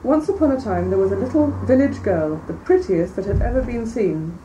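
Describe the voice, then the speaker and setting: A woman reading a classic fairy tale aloud in a measured, clear way, then commenting on it as a lecturer. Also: medium pitch, animated, dark tone. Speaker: reader and lecturer. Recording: distant mic, faint background noise.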